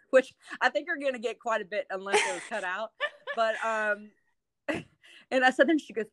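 A woman's voice: medium pitch, lively intonation, moderate pace, a bit bright, no room sound. A woman from New Orleans, a real estate agent turned TV host, telling stories in a casual chat with lots of laughs and fillers. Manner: giggly, chatty storyteller with lots of fillers.

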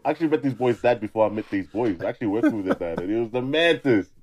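A man's voice: mid-range voice, expressive, rapid-fire, darkish tone, dull audio. A man in a casual podcast chat, earnest and laid-back, often calling people "man" and "bro".

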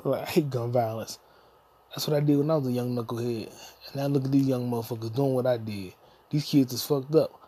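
A solo podcast host with a mid-range voice and dark tone. He rambles and jokes through a crude, profane rant, now and then singing a few lines.

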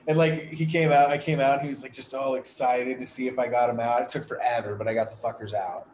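A man's voice: medium pitch, fairly even intonation, quick pace, darkish tone. Swearing guy ranting thru a story, roomy echo, bit of hiss behind. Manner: profane, ranting, frustrated. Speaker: podcast co-host. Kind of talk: casual storytelling chat. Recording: echoey room with faint background noise.

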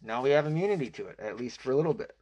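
Profane rambling American podcast host. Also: male voice, mid-range voice, expressive, very fast, darkish tone. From United States. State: out of breath. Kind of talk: casual solo podcast rant. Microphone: close mic.

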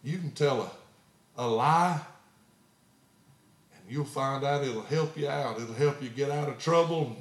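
A man preaches a sermon at middle pitch, moving between relaxed storytelling and loud, emphatic declarations. His voice carries a strong echo, as if recorded in a reverberant room. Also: a little slow, pauses often. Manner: storytelling preacher who swells loud and emphatic at key points. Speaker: pastor. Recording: echoey room.

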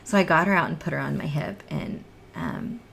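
Low, gravelly woman giving heartfelt testimony. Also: very animated, normal speed, a little hiss or hum. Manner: earnest, heartfelt, drops into soft near-whispers. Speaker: guest sharing her testimony. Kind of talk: emotional personal testimony in a podcast chat.

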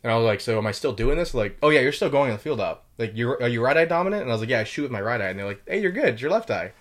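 A man's voice: mid-range voice, animated, fairly bright tone. A young man telling war stories in a casual chat, loose and full of fillers and swearing. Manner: swears a lot, quick and loose with many fillers. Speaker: podcast host telling military stories.

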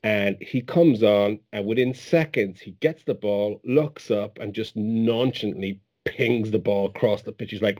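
A man's voice: lowish voice, measured pace, hardly any pauses, a little mellow. A man talking football in a casual chat, enthusiastic and effusive.

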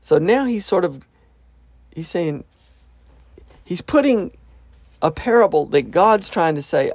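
A man reading Bible verses aloud and explaining them in a relaxed, conversational way, with frequent fillers. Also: high voice, slow pace, pauses often, dry recording. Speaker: Bible teacher. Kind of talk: reading scripture with commentary.

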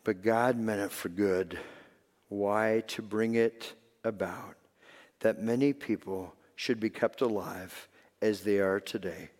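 A male pastor preaching a sermon, swinging between loud emphatic lines and soft hushed ones. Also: on the low side, fairly even intonation, slow pace. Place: church sanctuary. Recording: long reverb of a large hall.

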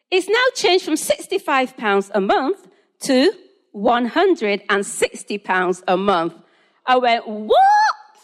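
A woman from England preaching a sermon, telling a personal story and acting out both sides of phone calls. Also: fairly high pitch.

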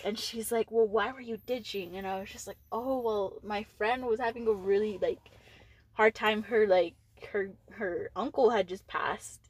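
A woman's voice: mid-range voice, normal speed, husky, poor audio. A teenage girl from Texas telling a school story in casual chat, rambling with lots of "like" and frequent swearing. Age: late teens. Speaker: podcast co-host.

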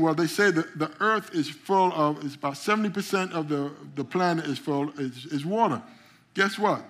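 A man preaching a sermon with a somewhat higher-pitched voice. He builds to emphatic, rising peaks and calls out to his congregation. He often trips over repeated words as he goes. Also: a bit bright. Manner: frequent stammered repeats. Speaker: pastor.

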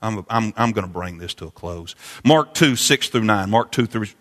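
A male pastor delivering a sermon in a church sanctuary, his voice bright and forceful. He repeats key phrases and swells to fervent peaks. The room carries a long, ringing reverb. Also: on the low side, animated, moderate pace.

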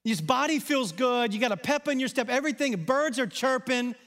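A Southern man preaching a sermon in a fairly high voice, talking like he's chatting with the congregation. He swings from loud, driving points to soft, quiet asides. His voice rings out with the long reverb of a big church hall. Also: brisk. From Arkansas. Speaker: pastor.

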